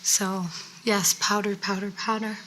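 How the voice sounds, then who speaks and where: A woman co-hosting a casual makeup chat, a little hoarse from losing her voice, chatty and playfully sarcastic. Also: mid-range voice, little pitch movement, a little slow, very noisy. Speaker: co-host.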